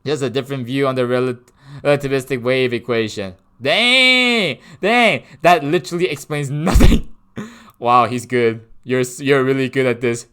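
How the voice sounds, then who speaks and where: A man's voice: medium pitch, normal speed, a bit bright, smooth. A man streaming live, chatting with his viewers in a playful, rambling way and laughing often. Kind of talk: casual live-stream chat.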